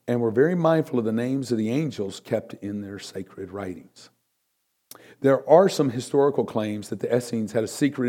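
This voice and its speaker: Emphatic man preaching a Bible lesson. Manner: swings from loud emphatic peaks to quiet low asides; reads scripture aloud and stresses key words. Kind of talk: sermon, Bible teaching.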